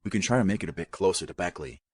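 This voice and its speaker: Male narrator as a gruff biker: deep, husky, matter-of-fact. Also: lively intonation, very fast, darkish tone, no echo, studio quality.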